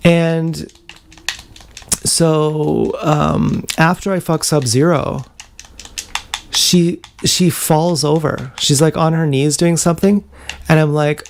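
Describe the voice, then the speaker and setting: A man's voice: on the high side, takes it slowly, a little hiss or hum. A man rambling through a profane personal story in a casual livestream monologue, recorded on an action camera mic.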